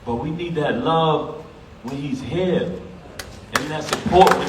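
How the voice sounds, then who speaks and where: A man's voice: a little high, normal speed. A man giving a heartfelt eulogy at a funeral, speaking emphatically and conversationally, addressing the crowd directly. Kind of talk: heartfelt public eulogy speech. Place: funeral service hall. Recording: echoey hall, voice from a distance, background noise.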